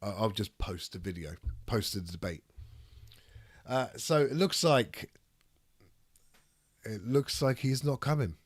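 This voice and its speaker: Raspy man, sick and rambling. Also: lowish voice, takes it slowly, pauses often, no room sound. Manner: reads chat aloud, rambling and swearing. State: ill with a cold, raspy throat. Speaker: streamer hosting a debate. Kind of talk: casual live-stream chat.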